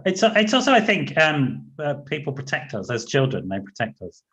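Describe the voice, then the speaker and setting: A man hosting a conversational interview, thoughtful and trailing off softly at the ends of phrases. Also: on the high side, very animated, moderate pace, rough recording. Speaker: host.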